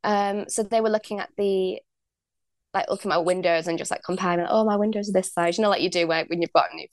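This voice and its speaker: Gravelly young woman telling a story. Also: lowish voice, steady tone, fast talker, dry recording, clean studio sound. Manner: chatty, many likes and ums, acts out quoted dialogue. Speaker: podcast guest. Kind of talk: candid storytelling.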